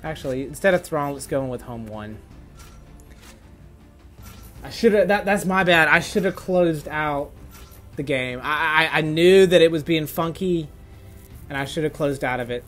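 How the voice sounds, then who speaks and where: A man giving casual gameplay commentary, excitable and quick to swear, stammering and restarting when worked up. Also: fairly high pitch, soft background music. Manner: excitable, swings from gleeful to furious ranting. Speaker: gaming YouTuber.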